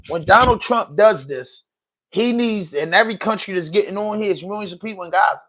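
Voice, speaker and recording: A man's voice: high-pitched, fairly quick, fairly bright tone. A man hosting a podcast livestream, rambling loosely in slangy, profane casual commentary. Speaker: podcast host.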